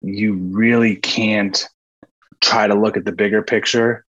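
Low-voiced young man telling stories. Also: fairly even intonation, measured pace, fairly bright tone, highs cut off. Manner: rambling, with fillers and laughs. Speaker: podcast guest, former college football player. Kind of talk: casual storytelling chat.

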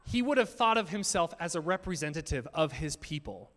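A man delivers a sermon with a lively, swooping delivery that rises and falls a great deal. His voice sits a little high for a man. He talks conversationally, tossing asides to his congregation, and his words ring out in a reverberant hall. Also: brisk. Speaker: pastor.

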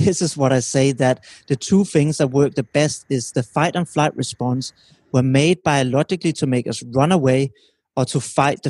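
A man giving a calm, teacherly explanation as a guest in an interview, often checking in with his listener. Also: mid-range voice, slightly rough, no room sound. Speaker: relationship expert guest.

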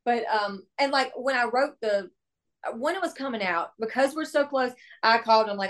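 A young adult woman, a country singer-songwriter, telling stories in a casual interview with animated, exclamatory delivery and acted-out dialogue. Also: on the high side, normal speed.

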